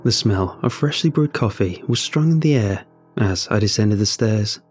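A man narrating a first-person horror story in a measured, even storytelling voice. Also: fairly low pitch, soft background music.

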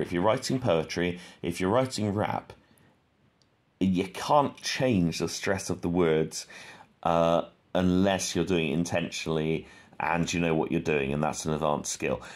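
A man giving an informal, rambling lesson on poetry, with many fillers, who reads verse aloud slowly. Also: low-pitched. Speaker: poetry teacher.

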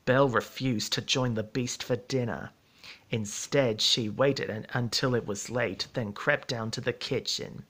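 A man narrating a storybook in a measured, steady reading voice. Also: medium pitch.

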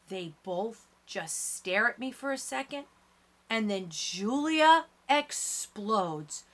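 Bright-voiced woman narrating an audiobook. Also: on the high side, animated, slow pace. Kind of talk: first-person audiobook narration.

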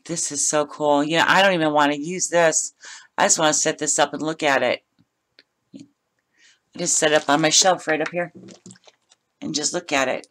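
Low-voiced and a bit bright, she speaks at normal speed with fairly even intonation and long pauses. This middle-aged craft vlogger is opening mail at home in a casual unboxing chat, gushing and laughing often.

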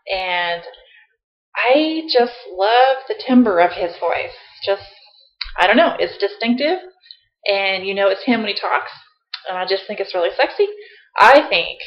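A woman chatting casually and playfully to her laptop webcam, teasing herself as she goes. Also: medium pitch. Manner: playful, self-mocking, chatty. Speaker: vlogger. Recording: roomy, slightly dull laptop audio.

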